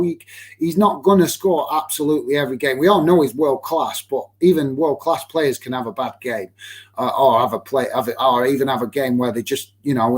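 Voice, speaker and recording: Chatty Lancashire lad reading stream comments. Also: male voice, a little high, a little mellow. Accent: Lancashire English. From Lancashire, England. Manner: chatty, many fillers and restarts, calls viewers mate. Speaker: football watch-along streamer. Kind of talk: casual live-stream chat reading comments.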